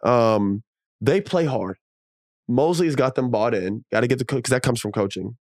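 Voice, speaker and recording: A man, a former professional basketball player, co-hosting a casual sports podcast, talking in an animated, emphatic way with slang and casual swearing. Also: mid-range voice, moderate pace, dry recording, clean studio sound.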